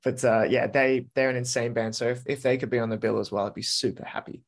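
An enthusiastic young man talks casually as a podcast guest. His voice sits at a middle pitch, and he gushes in quick bursts, swearing freely as he gets excited. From Australia. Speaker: podcast guest, metal musician.

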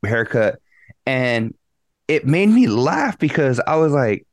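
A man's voice: medium pitch, very animated, slow, no echo, studio quality. A man co-hosting a podcast, telling a story in a rambling, casual way with lots of swearing and slang. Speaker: podcast co-host. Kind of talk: casual chat.

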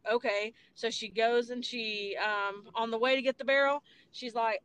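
A woman's voice: on the high side, steady tone, moderate pace, few pauses, fairly bright tone, clear, resonant tone. A young woman hosting a podcast, casually retelling film scenes in a rambling way, with filler words and the odd swear. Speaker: podcast host. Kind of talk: casual movie chat. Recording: faint background noise.

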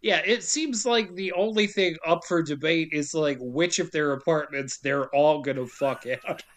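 A man's voice: fairly high pitch, normal speed, a bit bright. A man hosting a casual podcast, recapping a film with sarcastic, profane jokes. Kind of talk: casual chat.

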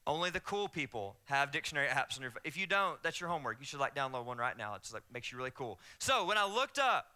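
Southern male pastor, smooth and clear, chatty sermon delivery with light jokes. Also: medium pitch, sing-song, fast, sharp tone. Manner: conversational, joking with the congregation. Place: church sanctuary.

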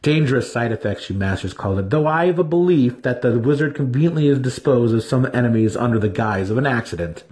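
A man voicing a scheming young male dark elf wizard who talks sharply and slyly. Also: mid-range voice, animated, fast talker, few pauses, close to an everyday voice. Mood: cold. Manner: sharp, scolding, sly.

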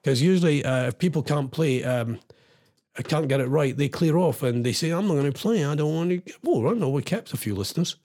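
A man's voice: medium pitch, lively intonation, fairly quick, darkish tone. A Scottish man hosting a casual live-stream quiz as a radio DJ, teasing his listeners as he reads out their comments. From Scotland.

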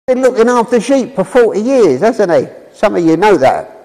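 A man's voice: high voice, sing-song, moderate pace, dark tone. A man giving an informal, chatty sermon and asking his listeners questions. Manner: chatty, asks the audience questions. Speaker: preacher. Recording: long reverb in a hall.

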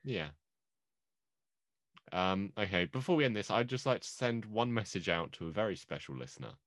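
A man's voice: lowish voice, animated, moderate pace, fairly bright tone, no echo, studio quality. A man co-hosting a casual movie podcast, joking and playful, often laughing. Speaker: podcast co-host.

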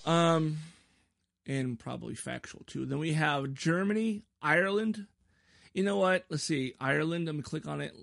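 A man's voice: a little high, moderate pace, creaky, a bit bright, no room sound. A man hosting his own podcast in a rambling, self-deprecating casual chat, often stumbling over his words. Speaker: podcast host.

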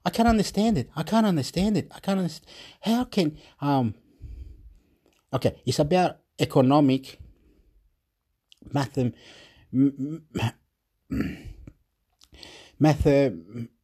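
Guy ranting on and on, bit high voice but mellow, repeats himself a lot, stumbles and laughs. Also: measured pace, long pauses, slightly rough. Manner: repetitive, stumbling, frequent laughs; agitated, exasperated rant. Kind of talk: rambling monologue.

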